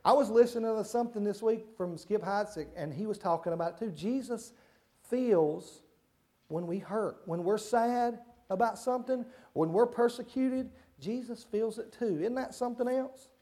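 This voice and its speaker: A man's voice: sits high, normal speed. Guy doing the kids' talk at church, keeps asking the little ones questions, shushes them here and there. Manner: asks children questions, talks simply and warmly to kids; hushes and redirects children mid-talk. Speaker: children's church leader. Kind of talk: children's sermon.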